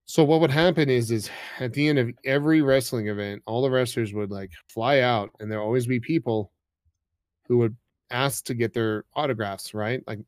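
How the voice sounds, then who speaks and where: This podcast co-host has a mid-range, smooth voice and a steady tone, moving at a moderate pace. His casual chat rambles, packed with filler words. Studio-quality, dry sound.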